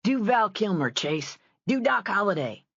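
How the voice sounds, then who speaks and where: A woman reading a rowdy, excitable young cowboy who shouts his questions. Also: mid-range voice, a little slow, breathy edge, dry recording, muffled recording, voice pushed up, full character voice. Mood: eager. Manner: excitable, loud exclamations. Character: boisterous young cowboy man.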